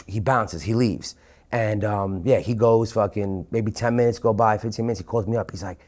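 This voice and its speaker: A man from New York with a New York accent, a podcast guest telling stories in a casual, animated way, swearing heavily and acting out what people said. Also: fairly low pitch. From Queens, New York. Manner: animated, fast, heavy swearing, acts out quotes. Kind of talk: casual storytelling.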